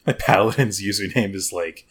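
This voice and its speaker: Young guy with a real deep voice, rambly sarcastic gamer talk. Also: normal speed, a bit bright. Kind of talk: casual gaming chat.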